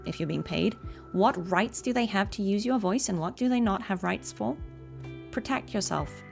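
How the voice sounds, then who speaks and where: A woman, a voice actor and streamer, chatting casually while gaming and giving earnest advice with frequent ums. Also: mid-range voice.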